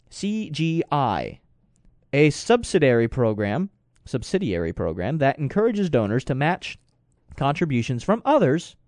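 A man's voice: fairly high pitch, darkish tone, no room sound. A man giving rambling, digressive commentary with sarcastic asides. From United States. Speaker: political commentator. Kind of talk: casual talk commentary.

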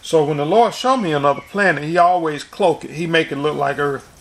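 A man's voice: a little high, brisk. A man preaching informally and recounting a dream, rambling with frequent restarts and repeated words. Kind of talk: informal sermon and dream testimony.

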